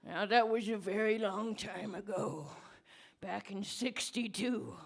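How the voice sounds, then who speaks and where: A woman voicing an unhinged old man who lives under a bridge, rambling slowly on a pub stage with sudden shouts. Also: mid-range voice, fairly even intonation. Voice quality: gravelly, creaky old-man voice. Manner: slow, rambling, with bursts of shouting. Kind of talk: comedic character monologue at a live debate.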